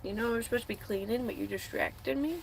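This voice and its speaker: A woman's voice: fairly high pitch, fast talker, creaky, a little hiss or hum. A young woman from the United States chatting sarcastically to her livestream chat and cooing at her dog, filmed on a phone inside her van. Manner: sarcastic, talks back to chat.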